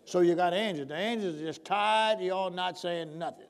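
A man's voice: sits high, moderate pace. A male preacher delivering a sermon, prodding the congregation with call-and-response questions.

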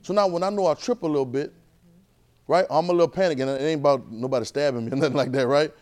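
A man's voice: on the high side, fast, darkish tone. A man, preaching a sermon and drawing responses from the congregation. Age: 30s. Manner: call-and-response with the congregation, conversational and emphatic.

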